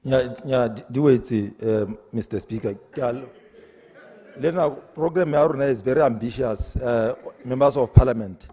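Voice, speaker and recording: A man's voice: mid-range voice, moderate pace, mellow, slightly rough, in a large hall. A man, a government minister, answering questions in parliament with many hesitations and switches into English. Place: parliament chamber.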